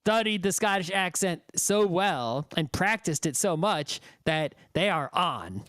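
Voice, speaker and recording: A man's voice: high voice, lively intonation, a little slow, a bit bright, no room sound, studio quality. A man co-hosting a podcast in casual chat, rambling and checking in with the listener as he talks. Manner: rambling, keeps checking in with "right?". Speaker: podcast co-host.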